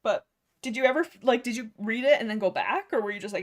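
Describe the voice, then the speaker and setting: Woman livestream host, casual book chat, excitable, rambling, headset mic. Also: fairly high pitch, quick pace. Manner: rambling, excitable, filler-heavy chatter.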